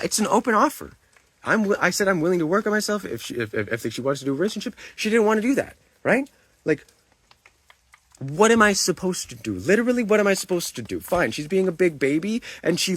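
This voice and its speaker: A man's voice: fairly high pitch, expressive, fast talker, slightly rough, dry recording. A man livestreaming to his chat, talking defensively, repeating himself and swearing.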